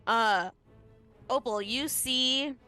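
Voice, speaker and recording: Slow, higher-voiced woman game master. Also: soft background music. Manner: relaxed, hesitant with many ums. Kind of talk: narrating a tabletop game on a live stream.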